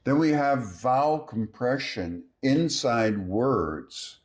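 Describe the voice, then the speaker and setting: Male language tutor, measured delivery, slow pace, animated pitch. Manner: measured, reads example words one by one. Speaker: language teacher. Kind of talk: slow scripted language lesson.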